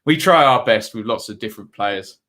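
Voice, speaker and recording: Chatty bright-voiced man hosting a watchalong. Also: lowish voice, lively intonation, fairly quick. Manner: chatty, reads out viewer comments between match updates. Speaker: live stream host. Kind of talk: casual football watchalong commentary.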